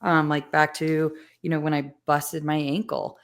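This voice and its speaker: A woman's voice: sits low, little pitch movement, a little slow. A woman hosting a podcast, sharing a personal story in an earnest, emotional way. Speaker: podcast host. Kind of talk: conversational interview.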